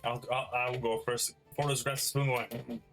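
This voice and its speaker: A man playing a tabletop role-playing game, excitable and quick to jump in, slipping into his character's lines. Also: mid-range voice, soft background music. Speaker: player.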